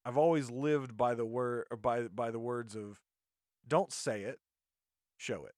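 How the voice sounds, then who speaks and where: Ranting indignantly on his podcast, this male host rambles through a monologue and keeps restarting sentences. He has a mid-range, slightly mellow voice and an unhurried pace, captured in a dry, clean studio recording.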